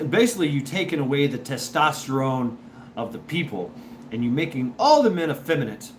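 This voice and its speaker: Reading chat on a livestream, a male host rambles casually, reacting in stop-start bursts and repeating himself. His pitch swings widely, and a steady hiss runs beneath his voice.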